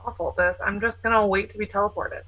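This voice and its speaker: A woman playing a tabletop game, speaking plainly and loudly from away from the mic. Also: medium pitch, steady tone, fast, low-quality recording. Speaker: player. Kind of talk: casual tabletop game chat.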